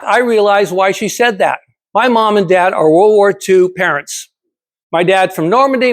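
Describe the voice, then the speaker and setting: A man in his seventies, his voice pitched high for a man, gives a prepared motivational speech to a speaking club. He talks with emphasis, throws rhetorical questions at the audience, and drives his points home by repeating them.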